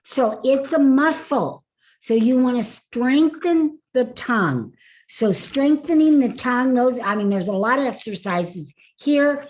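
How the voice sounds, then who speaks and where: A woman's voice: high-pitched, lively intonation, unhurried, darkish tone. A woman coaching a group through voice and face exercises in an online workshop, upbeat and laughing often. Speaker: speaking coach. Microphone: video call.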